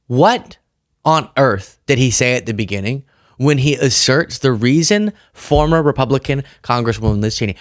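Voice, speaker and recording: A man's voice: medium pitch, moderate pace, dry recording, studio quality. Sarcastic man hosting a political commentary. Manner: sarcastic, mocking impressions. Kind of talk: casual commentary.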